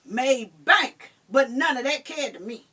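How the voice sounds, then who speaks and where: A mother telling a personal story in casual chat, emphatic and animated, swearing now and then. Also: high voice, unhurried, recorded from a distance.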